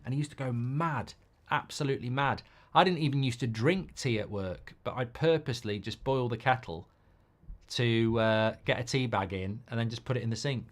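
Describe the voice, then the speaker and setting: Sweary middle-aged guy hosting a live match watchalong, ranty, mid-pitched voice. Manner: ranting, sweary, quick to flare up at players. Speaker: host. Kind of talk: live football watchalong chat.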